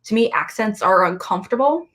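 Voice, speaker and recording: A woman's voice: medium pitch, expressive, brisk, fairly bright tone. A woman co-hosting a casual chat, rambling with many fillers. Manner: rambling, lots of fillers and laughs. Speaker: co-host.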